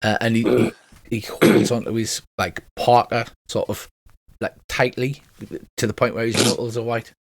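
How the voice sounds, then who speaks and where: A man's voice: medium pitch, little pitch movement, moderate pace, dry recording. A man narrating a tabletop game as game master, rambling with lots of ums. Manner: rambling, filler-heavy narration.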